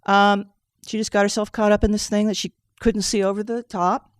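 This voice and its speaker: Woman, emotional storyteller, animated, dry close sound. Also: mid-range voice, a little fast, no room sound. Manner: animated, jumps into quoting herself and others; tears up while telling it. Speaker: session participant sharing a story.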